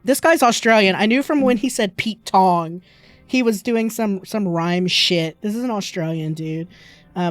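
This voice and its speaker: A woman streamer giving casual, jokey commentary on a horror game, excitable and swearing freely. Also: mid-range voice.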